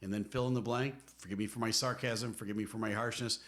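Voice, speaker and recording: This middle-aged podcast co-host, a marriage counselor, talks at a quick pace in a fairly low, a bit bright voice with fairly even intonation. He teaches conversationally, giving earnest, emphatic advice with a preacherly tone.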